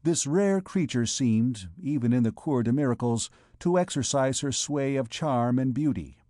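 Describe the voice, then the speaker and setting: A man narrating a classic novel as an audiobook reader, in a measured, formal storytelling manner. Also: medium pitch, expressive, dark tone, no room sound, clean studio sound.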